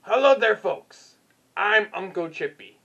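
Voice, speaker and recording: A puppeteer voicing a folksy uncle-type puppet pitching his invention, with a friendly announcer-style greeting. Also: expressive, measured pace, gravelly, fairly bright tone, husky, lo-fi sound, exaggerated voice.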